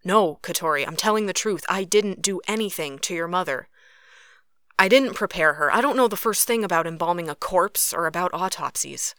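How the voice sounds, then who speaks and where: A woman reading an audiobook who voices a calm young male Fae with patient, low, even replies. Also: normal speed, dry recording, studio quality. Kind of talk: audiobook character voice.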